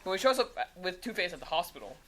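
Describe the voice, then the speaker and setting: A young woman co-hosting a casual podcast, quick, teasing and enthusiastic. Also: fairly low pitch, big pitch swings, a bit bright, slight background noise. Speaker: podcast co-host.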